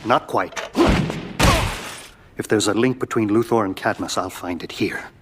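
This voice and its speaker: A man's voice: fairly low pitch, a little slow, a bit bright, slightly rough. A man voicing a focused, terse investigator figure.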